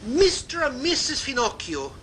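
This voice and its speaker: A man playing a sarcastic male performer mocking a colleague from the wings, drawn-out and teasing. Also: very high voice, wildly swooping pitch, pushed and bright, a little hiss or hum, voice pushed up, exaggerated voice.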